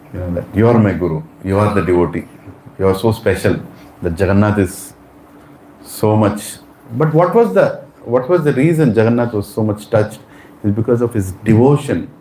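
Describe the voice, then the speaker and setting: A man's voice: lowish voice, darkish tone, roomy sound, slight background noise, poor audio. A man telling a devotional story in a religious lecture, acting out the characters' lines.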